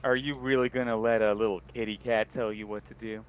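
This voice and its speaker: A man playing a cowboy-like ranger in a tabletop game, answering with cocky, drawling taunts. His voice sits low, with a faint hiss behind it. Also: fairly even intonation, brisk. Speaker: player.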